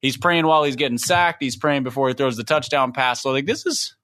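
A man co-hosting a casual podcast chat, wry and joking with quick asides. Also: medium pitch, sharp tone, no echo, studio quality. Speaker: podcast co-host.

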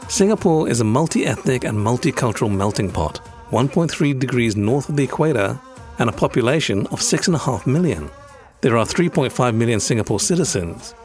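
British male host, scripted documentary narration, animated intonation, explanatory delivery. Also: mid-range voice. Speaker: host and voice-over producer.

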